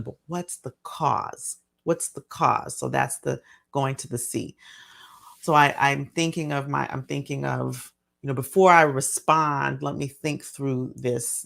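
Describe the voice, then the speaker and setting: Gravelly-voiced woman explaining a parenting model. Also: a bass voice, fairly bright tone. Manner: thoughtful, explains step by step with many fillers. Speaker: physician and parenting speaker. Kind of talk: casual teaching talk.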